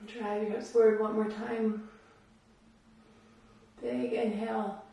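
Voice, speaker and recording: A woman yoga instructor guiding a class, giving calm, encouraging cues paced with the breath. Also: fairly high pitch, slow, gravelly, far from the mic. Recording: very echoey room, voice from off the mic.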